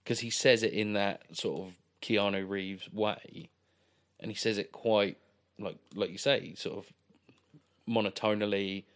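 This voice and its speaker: Deep-voiced man, relaxed film chat. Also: measured pace. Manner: relaxed, filler-heavy, agreeable. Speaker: podcast co-host. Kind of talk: casual film discussion.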